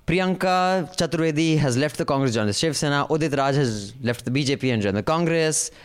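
A man's voice: fairly high pitch, brisk, clean tone. A man with an Indian English accent hosting a casual political podcast, rambling through the news with jokes. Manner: joking, rambling news rundown. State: out of breath. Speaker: podcast host.

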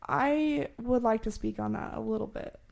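A woman's voice: a little high, moderate pace, vocal fry, a little mellow. A young woman in casual chat, explaining things in an informal, chatty way and laughing often.

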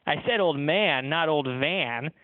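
A man's voice: medium pitch, fast talker, no echo, close to an everyday voice. A one-foot-tall pianist, bitter and wounded, speaks plainly with sudden stresses, as a man reading the story voices him. The sound is dry and comes through a narrow, phone-like line.

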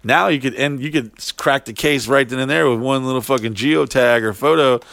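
A man's voice: medium pitch, brisk, creaky, a bit bright, no room sound. A man in his thirties telling a long party story in casual chat, rambling and swearing a lot. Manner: rambling, profane, heavy use of "like". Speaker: podcast guest telling a story.

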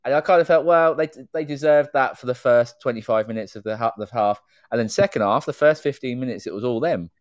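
Speaking quickly with few pauses and no echo, this medium-pitched man co-hosts a casual podcast chat. He talks freely and chattily, leaning on "you know" to link his thoughts.

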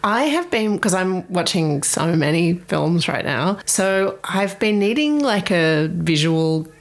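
A woman co-hosting a podcast in casual chat, excitable and quick with asides, laughing often. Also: lowish voice. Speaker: podcast co-host.

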